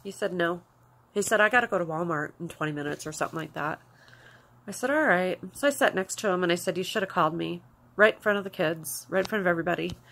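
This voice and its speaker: A woman's voice: on the low side, quick pace, vocal fry, fairly bright tone. A woman vlogger telling a personal story to camera in a confiding, rambling way, with many fillers, close to tears.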